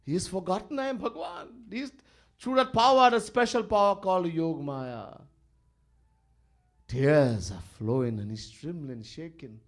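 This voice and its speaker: A man, a swami telling a devotional story in an animated way and chuckling often. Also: a little high, measured pace.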